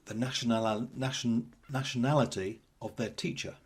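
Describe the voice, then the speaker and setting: A man's voice: mid-range voice, fairly even intonation, normal speed, slightly rough. A man co-hosting a casual chat, telling stories with hesitant restarts. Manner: anecdotal, hesitant storytelling. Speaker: podcast co-host.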